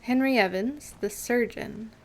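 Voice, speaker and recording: A woman streams a game from home and chats casually into a desk mic. She talks at an unhurried pace and wanders off into stories, padding her talk with "like" and "um". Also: a little high, creaky. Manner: rambling, filler-heavy storytelling. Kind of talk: casual live game commentary.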